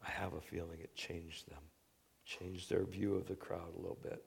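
A man preaching a sermon as earnest storytelling, moving between hushed, quiet passages and loud, excited bursts. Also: low-pitched, normal speed, vocal fry, a little hiss or hum. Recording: long reverb of a hall.

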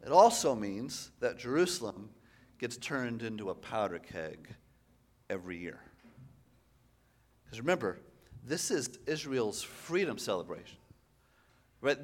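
A man preaching a sermon, animated and conversational, often tossing in "right?" to the congregation. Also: fairly high pitch.

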